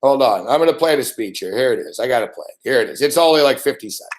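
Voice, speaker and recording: A man hosting a casual sports chat, excitable and swearing often, calling the other man "dude" and "man". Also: medium pitch, rapid-fire. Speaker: show host.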